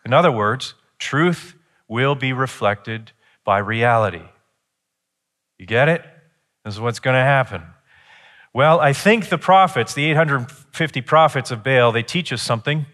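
A man preaching a sermon, retelling a scripture story with lively, animated delivery and acted-out quotes. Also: a little slow, long reverb tail. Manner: animated storytelling, acts out quotes with rising pitch. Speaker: pastor.

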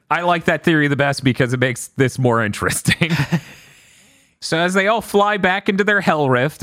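Lively bright-voiced man retelling a film. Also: a little high, no echo, clean studio sound. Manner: animated storytelling, acting out characters' lines; laughs often. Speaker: podcast host recapping a film. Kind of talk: casual chat.

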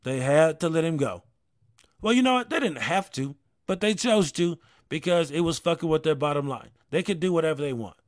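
A man's voice: on the high side, lively intonation, a little fast. Rambling man chatting casually. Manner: rambling, frequent restarts and profanity. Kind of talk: casual chat.

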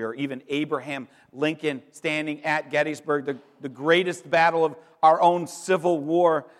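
A middle-aged man preaching an Easter sermon as pastor, emphatic, pausing for effect and repeating words as he builds. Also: a little high, little pitch movement. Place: church sanctuary. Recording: long reverb in a large hall.

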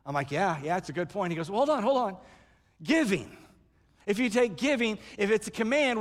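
A man preaches with a high voice and an animated storytelling manner, acting out the voices in the story. His sermon rings with the long reverb of a large hall. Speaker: pastor.

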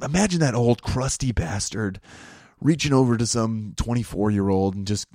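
A man hosting a casual monologue, rambling and crude, joking and laughing at his own jokes, jumping high in pitch when he gets worked up. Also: normal speed, warm tone, dry recording, clean studio sound.

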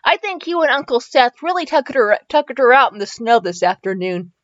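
Brief: a woman reads a bubbly young wife and mom, high and lively, fanfic reading. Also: brisk, no echo, highs cut off. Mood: excited. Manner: bubbly, excited. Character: cheerful young wife and mother.

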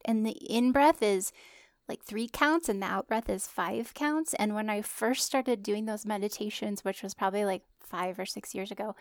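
A woman's voice: medium pitch, normal speed, no room sound. Woman cohosting a podcast, chatty and laughing a lot, mid voice, dry mic. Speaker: podcast co-host. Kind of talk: casual chat.

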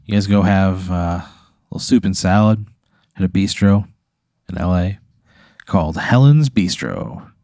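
Mellow-voiced man spinning a hypothetical. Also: low-pitched, measured pace, pauses often, no room sound, studio quality. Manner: spins a playful hypothetical, deadpan asides. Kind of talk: casual improvised storytelling.

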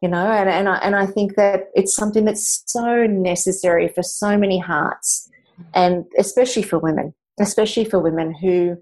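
A woman's voice: mid-range voice, fairly even intonation, normal speed, a little mellow. Woman, writing coach, enthusiastic, encouraging, casual chat.

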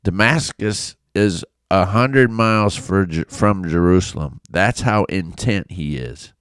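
Deep, slow-talking man teaching the Bible. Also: smooth, no echo, studio quality. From Illinois, USA. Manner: conversational, animated storytelling with asides. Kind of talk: casual Bible study talk.

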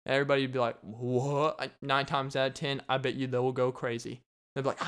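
A young man rambles through a casual podcast monologue, cracking jokes and breaking into laughter. His voice sounds smooth and clear. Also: mid-range voice, fairly even intonation, a little fast, fairly bright tone. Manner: rambling and joking, laughs often. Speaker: podcast host.

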